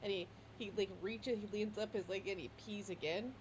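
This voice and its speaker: A woman's voice: mid-range voice, fairly even intonation, fairly quick, a little hiss or hum, poor audio. A woman narrating a tabletop game as game master, playful and rambling, often laughing.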